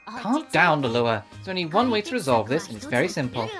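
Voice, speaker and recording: Woman doing a low, composed alchemy teacher. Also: big pitch swings, a bit bright, soft background music. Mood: calm. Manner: measured, lecturing.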